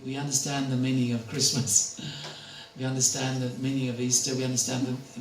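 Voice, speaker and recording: A man's voice: mid-range voice, bright, forceful tone. An older man giving a spiritual talk, chatty and anecdotal, who laughs often. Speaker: spiritual speaker. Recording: echoey room, distant mic, faint noise.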